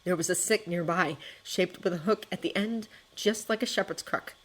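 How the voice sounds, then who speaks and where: A woman reading a fan story aloud as storybook narration, with an expressive and dramatic delivery. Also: on the low side, moderate pace. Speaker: fanfiction reader.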